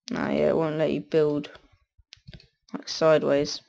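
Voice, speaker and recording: A man's voice: fairly high pitch, gravelly. Man muttering over a game on headset. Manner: mutters to himself, swears often, bursts of excitement. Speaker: gaming channel host. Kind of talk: casual gameplay commentary.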